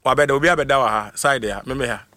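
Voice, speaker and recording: A man runs a casual livestream, calling out viewers' names with lively energy and frequent laughter. His voice is bright and forceful, recorded close and dry. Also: mid-range voice, racing, no room sound. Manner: animated, switches between Twi and English, laughs often. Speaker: livestream host. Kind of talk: casual live shout-outs.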